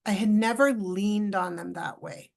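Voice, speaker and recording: Gravelly-voiced woman telling a story. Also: medium pitch, unhurried. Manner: animated storyteller, acts out dialogue. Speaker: podcast guest. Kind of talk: storytelling in a podcast interview.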